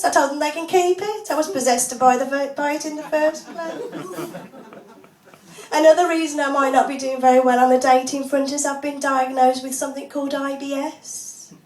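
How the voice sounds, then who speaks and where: A woman doing a stand-up comedy set of deadpan one-liners, laughing often. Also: sits high. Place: small pub comedy club, audience laughing. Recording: echoey room, voice from far off.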